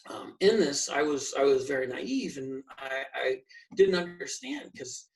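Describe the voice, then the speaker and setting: A man's voice: mid-range voice, animated, a little slow, far from the mic, low-quality recording. A man talking casually as an interview guest, giving earnest advice with frequent restarts. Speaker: guest, firefighter and real estate investor.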